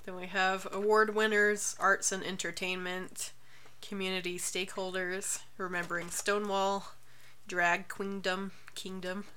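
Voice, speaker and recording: A woman co-hosting a podcast in casual chat, relaxed and hesitant with many fillers. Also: mid-range voice, measured pace, clean tone. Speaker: podcast co-host.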